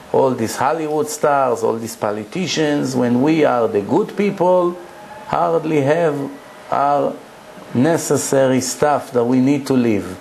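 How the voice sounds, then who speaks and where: A man's voice: medium pitch, vocal fry, a little mellow, slight background noise, poor audio. A man, a rabbi, giving a Torah lecture to a live audience, preaching emphatically and telling stories with rhetorical questions.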